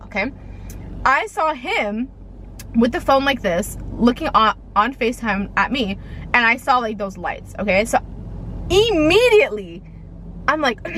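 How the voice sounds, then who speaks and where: A woman's voice: on the high side, a bit bright, a little hiss or hum. Chatty young woman telling a storytime. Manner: chatty, rambling, heavy use of "like" and "okay". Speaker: vlogger. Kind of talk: storytime vlog.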